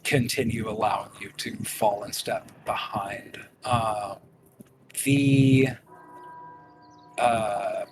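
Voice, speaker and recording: Slow, hesitant man narrating a game. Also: fairly low pitch, steady tone, background noise. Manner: slow, hesitant, lots of ums and uhs. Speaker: game master.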